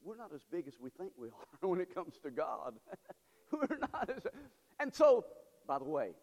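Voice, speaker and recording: A male pastor preaching a sermon with call-and-response, swinging between shouts and low murmurs. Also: huge pitch swings, moderate pace. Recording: long reverb of a large hall.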